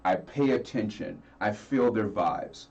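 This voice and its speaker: A man, a singer as a guest, talking earnestly and warmly about his fans. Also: fairly low pitch, unhurried, vocal fry, far from the mic, muffled recording. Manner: earnest, heartfelt, laughs easily. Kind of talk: casual interview chat.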